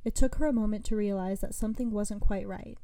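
A woman reading her own short story aloud with lively narration. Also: medium pitch, fast talker, no room sound.

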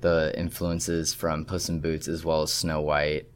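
Deep-voiced man reflecting on his work. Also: completely flat delivery, measured pace. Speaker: student. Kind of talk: spoken reflection on an assignment.

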